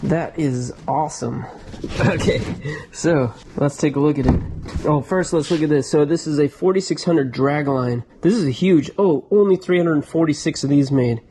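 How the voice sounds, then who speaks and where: A man hosting a vlog who excitedly shows off his storage locker finds and thinks aloud as he goes, recorded on a camera inside a storage locker. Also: fairly high pitch, normal speed, noisy background. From United States. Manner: enthusiastic, thinks aloud, drops into whispers. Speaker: storage locker reseller and channel host. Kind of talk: casual vlog, excited show-and-tell of finds. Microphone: GoPro camera.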